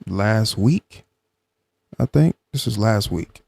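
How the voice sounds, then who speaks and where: Low-voiced man hosting a live reaction stream. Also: takes it slowly, vocal fry, husky, no room sound. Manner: argumentative, calm when explaining to chat.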